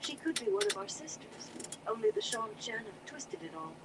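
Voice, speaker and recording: A hobby reader voicing a gentle, compassionate young noblewoman in a fantasy audiobook. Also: mid-range voice, sing-song, moderate pace, recorded from a distance, heavy background noise, pitched above the performer's own voice, natural voice. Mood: troubled.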